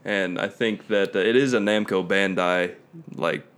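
A man with a fairly low voice talks in a relaxed, casual way. He hedges often and thinks aloud as he goes. He sounds like a co-host trading opinions with a friend. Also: a little slow, smooth. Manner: easygoing, hedging, thinks aloud. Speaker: podcast co-host. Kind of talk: casual chat about video games.

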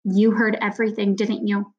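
A woman reading a sharp-tongued teenage girl's lines in an audiobook, loud and challenging. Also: mid-range voice, level tone, moderate pace, highs cut off, lightly acted. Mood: earnest.

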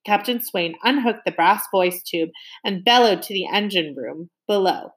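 A woman narrating a children's adventure novel aloud in an expressive, animated reading. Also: medium pitch, normal speed, rough recording. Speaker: audiobook narrator. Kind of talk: storybook narration.

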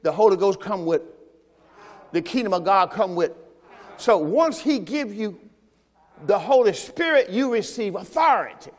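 A high-voiced man preaching in a sermon. He keeps asking his listeners rhetorical questions and draws scripture quotes out slowly for emphasis. His voice rings with the long reverb of a church hall. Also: expressive. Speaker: pastor. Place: church service.

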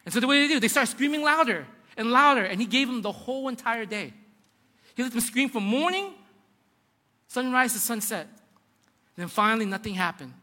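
A man's voice: extremely high pitch, animated, normal speed, pauses often, pushed and bright. A man preaching a sermon, retelling a Bible story dramatically and with emphasis. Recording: long hall reverb.

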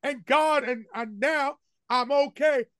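A senior pastor delivers a sermon in the church sanctuary, his voice strikingly high, slow and fairly bright. He preaches emphatically in call-and-response style, driving points home with repeated refrains as the congregation he addresses answers back. The recording is close and dry, with almost no room sound and no echo.

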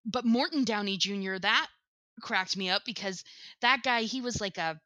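A woman co-hosting a casual podcast chat, excitable and quick to laugh, swearing casually. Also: mid-range voice, no room sound. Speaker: podcast co-host.

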